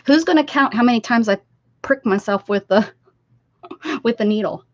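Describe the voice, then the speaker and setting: A woman's voice: a little high, lively intonation, moderate pace, no echo. An older woman hosting a casual craft livestream from her desk at home, chatting loosely and answering viewers as she works. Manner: chatty, reads chat aloud and answers viewers. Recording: slightly dull lo-fi stream audio.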